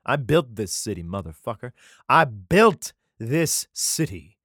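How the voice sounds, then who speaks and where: Man putting on a shouting Southern God. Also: mid-range voice, expressive, normal speed, no room sound, clean studio sound, natural voice. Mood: boastful. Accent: American Southern. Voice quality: shouting, swearing. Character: brash profane Southern male God, indignant.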